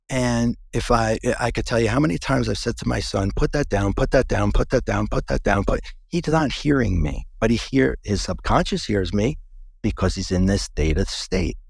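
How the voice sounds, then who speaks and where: A man's voice: medium pitch, gravelly, a little mellow, husky, no room sound, clean studio sound. A man guest in an interview, earnestly recounting a personal experience in a conversational way, often restarting sentences.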